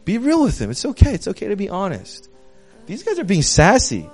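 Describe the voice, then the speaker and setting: A young man giving a casual, conversational sermon as a youth pastor, animated and full of slang. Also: extremely high pitch, a little fast.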